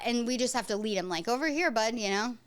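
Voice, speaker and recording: A mother and podcast host telling a story in a rambling, animated way with lots of "like". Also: fairly high pitch, fast talker, clear, resonant tone. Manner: animated, rambling, heavy use of "like". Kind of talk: casual storytelling chat.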